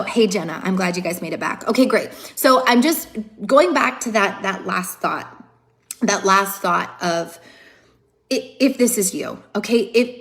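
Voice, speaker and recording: Woman speaker, earnest motivational livestream talk on her phone, emphatic, leans on repeated lines, mid-pitched voice. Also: a bit bright. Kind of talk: live-streamed motivational talk.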